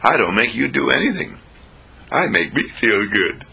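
A man's voice: very animated, normal speed, gravelly, sharp tone, breathy edge, exaggerated voice. A man doing a sweet, eager little girl. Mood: adoring. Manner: sweet, eager, high-pitched. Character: little girl, cheerful and loving.

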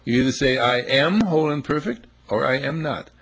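A man's voice: mid-range voice, lively intonation, brisk, fairly bright tone, breathy edge. A man preaching a sermon, emphatic and full of rhetorical questions, acting out little scenes as he goes.

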